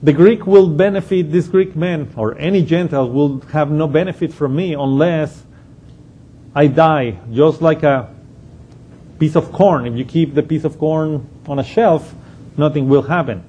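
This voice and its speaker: A man's voice: fairly high pitch, unhurried, dark tone, a little hiss or hum. A man giving an unscripted Bible study lesson, explaining a passage step by step and thinking aloud as he goes. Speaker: Bible teacher.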